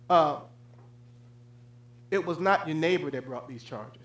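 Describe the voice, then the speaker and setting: A male pastor preaching a sermon, swinging between loud, raised declarations and low, hushed asides. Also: measured pace, pauses often, reverberant.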